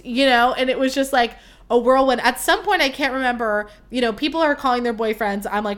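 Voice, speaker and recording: A woman's voice: a little high, normal speed, fairly bright tone. Rambling, swearing young woman podcaster. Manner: rambling, filler-heavy, swears often. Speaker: podcast host. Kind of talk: casual storytelling.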